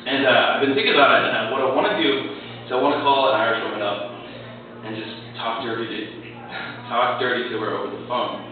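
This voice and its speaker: A man's voice: medium pitch, steady tone, quick pace. A man in his twenties doing a crude, rambling, self-mocking stand-up set in a small club. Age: 20s. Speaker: stand-up comedian. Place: small comedy club, live. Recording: echoey lo-fi club recording from far off with crowd.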